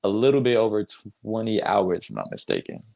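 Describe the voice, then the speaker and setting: A man's voice: on the low side, huge pitch swings, brisk, gravelly, darkish tone. A young man from North Carolina, a basketball player telling a story in a casual interview, acting out quotes and laughing.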